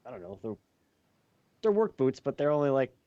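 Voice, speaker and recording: Man with dull, dry sound, halting speech. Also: mid-range voice, big pitch swings, dark tone, no room sound. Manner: halting, searches for words. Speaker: podcast co-host. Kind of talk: casual chat.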